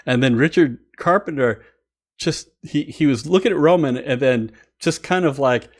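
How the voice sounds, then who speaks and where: A man who hosts a music channel, telling a story casually and excitedly, with many fillers and frequent laughter. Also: mid-range voice, moderate pace, breathy edge.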